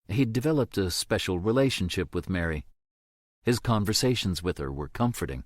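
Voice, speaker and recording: A man narrates an audiobook in a steady, measured manner, his voice sitting low. The recording is dry and has clean studio sound.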